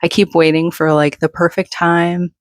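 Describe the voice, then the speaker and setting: A woman's voice: lowish voice, little pitch movement, normal speed, no room sound, clean studio sound. Chatty, out-of-breath woman on a bedroom floor. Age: 30s. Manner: rambling, self-deprecating, chatty. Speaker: book vlogger. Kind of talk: casual chat.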